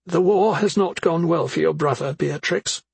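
A woman's voice: low-pitched, moderate pace, creaky, a little mellow, slightly rough, dry recording, pitched above the performer's own voice, full character voice. A man reading an audiobook, voicing a worried middle-aged mother who questions her son sharply and skeptically. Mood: grave. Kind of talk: audiobook character voice.

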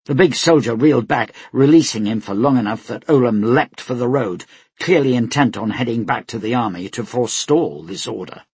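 A man narrating an audiobook in a steady, measured storytelling voice. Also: medium pitch, slightly rough, no room sound. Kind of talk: scripted narration.

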